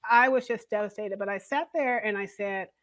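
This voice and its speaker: A middle-aged woman, a podcast guest, telling a story in a lively, laughing way. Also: medium pitch, a little fast, no room sound. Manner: animated, laughing storyteller who acts out the voices of others. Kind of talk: casual storytelling in an interview.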